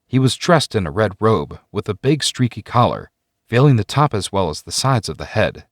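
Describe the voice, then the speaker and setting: A man giving a measured, scripted narration of a sci-fi story. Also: on the low side, no room sound, studio quality. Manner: measured storytelling with expressive ups and downs.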